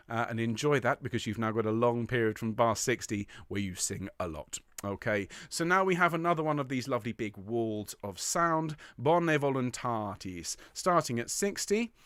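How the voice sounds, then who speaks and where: A man's voice: medium pitch, expressive, normal speed, fairly bright tone, clean tone, no echo, studio quality. A man leading an online choir rehearsal, explaining bars, counting in, and singing the lines with encouragement. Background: piano.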